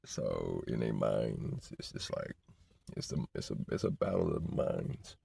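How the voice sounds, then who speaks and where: A man's voice: rumbling low, sing-song, a little slow, gravelly, warm tone, husky, dry recording. A man, telling rambling, slangy stories in a casual vlog. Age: 40s. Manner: rambling, slangy, repeats "you know what I'm saying". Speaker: vlogger. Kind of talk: casual storytelling.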